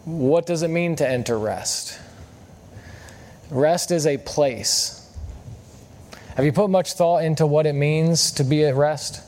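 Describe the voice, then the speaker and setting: A man's voice: fairly high pitch, slow, long pauses, darkish tone. Conversational man preaching a sermon. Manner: conversational, asks the congregation questions. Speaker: guest preacher. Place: church service.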